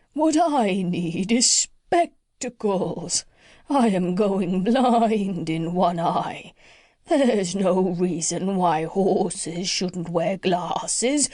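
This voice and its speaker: A woman voicing a plough horse in a storybook reading, complaining in a slow, drawn-out way. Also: on the low side, a little mellow, no echo, clean studio sound, full character voice.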